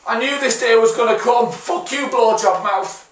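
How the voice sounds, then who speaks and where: A young man commentating a game pack opening, excitable and sweary, yelling and groaning at each result. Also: extremely high pitch, moderate pace, recorded from a distance. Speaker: gaming YouTuber. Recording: roomy echo, voice a bit off-mic, faint music.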